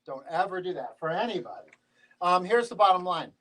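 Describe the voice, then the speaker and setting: A man's voice: sits high, a little fast, low-quality recording. A man hosting a casual show, joking around and teasing himself and his guests. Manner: jokey, self-deprecating, animated. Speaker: show host. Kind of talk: casual studio chat.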